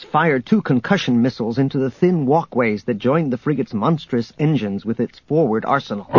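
Husky male audiobook narrator. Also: medium pitch, dry recording, dull audio. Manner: steady storytelling.

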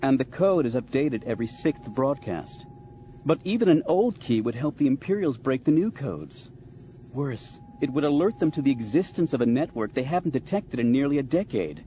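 A man's voice: mid-range voice, lively intonation, moderate pace, close to an everyday voice. A man voicing a determined adult princess and leader, urgent and persuasive, in a slightly dull recording with faint hiss. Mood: insistent.

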